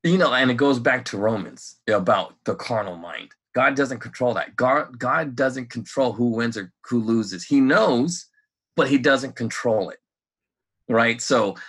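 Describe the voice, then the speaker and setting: A man chatting casually on a podcast, his voice bright and forceful with a husky edge. He rambles, restarts his sentences and fills gaps with "you know" and "like". His tone stays animated and loose. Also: mid-range voice, a little slow. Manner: laughs often while talking. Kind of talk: casual chat.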